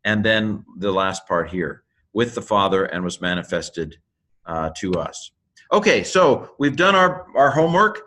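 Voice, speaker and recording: A man teaching New Testament Greek in a casual video lesson, naming the letters one at a time with fillers and quick asides to the viewer. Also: on the low side, animated, bright, forceful tone. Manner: spells out Greek letters one by one, with many fillers and self-corrections.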